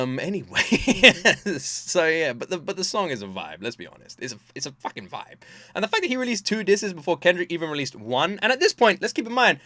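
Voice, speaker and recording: A man rambles through a reaction video in a bright, forceful voice. His pitch is on the high side and swings widely. The sound is close and dry, and he swears freely and slips into joking put-on voices. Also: no echo. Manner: rambling, profane, animated, with playful put-on voices. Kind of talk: casual reaction commentary. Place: home room, seated in a chair.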